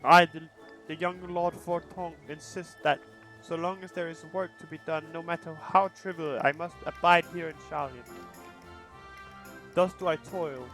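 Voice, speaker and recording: A man's voice: a little high, fairly bright tone, lightly acted, low-quality recording. Man reading as a pompous young noble lord. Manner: haughty, flowery, stumbling over words.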